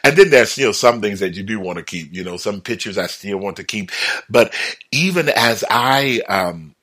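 A man speaking in a motivational broadcast talk with a bright, forward tone. His pitch swings widely as he acts out little everyday remarks, and he chuckles often. His delivery is lively and conversational. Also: moderate pace.

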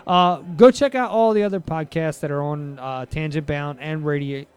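A man's voice: fairly high pitch, moderate pace, clean tone. A man co-hosting a podcast in casual chat, rambling and jokey with lots of fillers. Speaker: podcast co-host.

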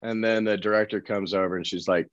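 A man from Colorado, an actor guest telling lively anecdotes in a casual interview, acting out other people's lines. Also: fairly low pitch, quick pace, no room sound, highs cut off. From Colorado, USA.

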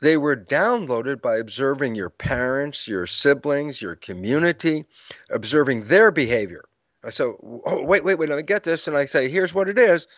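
A man's voice: medium pitch, expressive, normal speed, a bit bright, no echo. An older man explaining ideas in an interview, acting out his own lecture stories with quoted dialogue and frequent laughs. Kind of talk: storytelling explanation in conversation.

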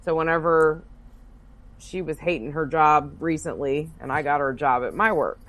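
A woman co-hosting a casual chat, telling a story in a loud, animated and profane way. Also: sits low, normal speed. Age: adult working as a bartender. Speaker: podcast co-host.

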